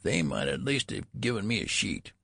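A man voicing a shrill, demanding old man in a storybook reading, complaining in a querulous, cackling way. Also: very animated, normal speed, creaky, fairly bright tone, husky, dry recording, studio quality, full character voice. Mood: peevish. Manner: peevish, cackling. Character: cranky newborn-sized old man, demanding.

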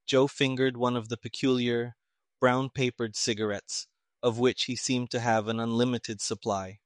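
A man's voice: medium pitch, moderate pace, dry recording, clean studio sound. Man narrating a detective audiobook. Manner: steady, even reading.

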